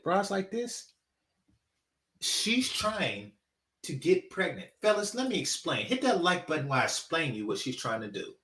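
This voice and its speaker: A man's voice: fairly high pitch, sing-song, measured pace, long pauses, bright, forceful tone. A man hosting a reaction commentary, ranting and mocking, repeating his points for emphasis. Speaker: commentary channel host.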